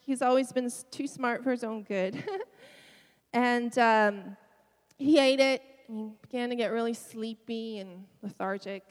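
A middle-aged woman pastor preaching a sermon, telling a personal story with emotion and soft laughs. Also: fairly high pitch, unhurried, big-room sound.

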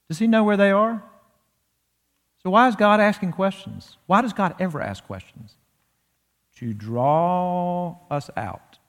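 A man preaching an expository sermon in a church, lively and slowing his delivery to stress key points. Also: high voice. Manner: animated expository preaching, slows down for emphasis. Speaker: pastor. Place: church sanctuary. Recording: long reverb of a church hall.

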